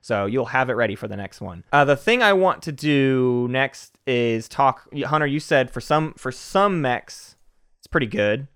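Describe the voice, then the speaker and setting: A man co-hosting a casual board game strategy chat, talking in an animated way with frequent fillers. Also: medium pitch, unhurried, clean tone. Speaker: co-host.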